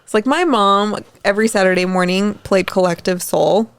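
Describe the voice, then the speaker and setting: A woman's voice: medium pitch, normal speed, smooth. Laughing teasing woman host. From Utah. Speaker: podcast host. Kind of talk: casual chat.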